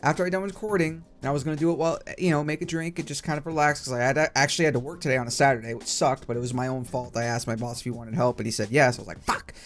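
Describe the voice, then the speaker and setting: A man's voice: mid-range voice, steady tone, racing, few pauses, faint music behind. A young man hosting a casual let's play, ranting with heavy swearing. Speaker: gaming channel host.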